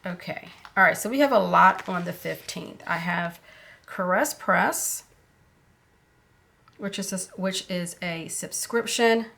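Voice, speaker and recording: Woman vlogger, low gravelly voice, slow unhurried casual walkthrough, thinking aloud. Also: a bit bright, a little hiss or hum. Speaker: planner vlogger. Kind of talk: casual budget planner walkthrough.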